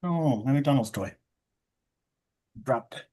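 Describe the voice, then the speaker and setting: A man trades light banter in a wry, offhand tone, his voice at middle pitch. He talks loosely and never sounds formal. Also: lively intonation, takes it slowly, warm tone. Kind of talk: casual banter.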